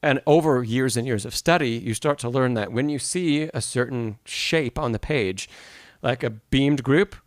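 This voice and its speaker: A man's voice: medium pitch, moderate pace, hardly any pauses, no room sound. A man leads a live-streamed piano masterclass in a mid-range voice. He explains notation step by step, reads questions from the chat and answers them, and sings rhythms aloud to show a point. The sound is close and dry, with no room around it. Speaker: piano teacher.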